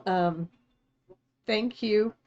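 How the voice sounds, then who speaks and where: A woman crafts while chatting casually on a live stream, reading the chat and warmly thanking viewers, at times becoming emotional and teary. She speaks at medium pitch and draws out her words, and the recording sounds muffled despite a streaming setup rather than a phone.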